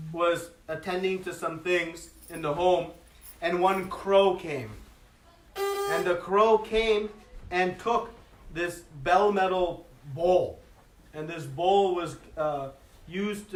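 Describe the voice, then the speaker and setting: High-voiced man telling a devotional story. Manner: expressive storytelling with frequent "uh" fillers. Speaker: speaker giving a religious class. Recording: echoey hall, mic at a distance.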